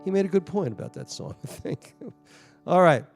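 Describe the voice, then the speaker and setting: A man, a rabbi, leading an online service over a video call, reading liturgy and telling stories with halting asides. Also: high-pitched, animated, music in the background. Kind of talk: liturgy reading and casual storytelling.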